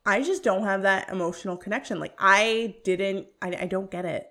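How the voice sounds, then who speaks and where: Co-host, woman. Chatty, animated film talk, loose and filler-heavy. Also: mid-range voice, moderate pace. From North America. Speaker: podcast co-host. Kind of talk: casual chat.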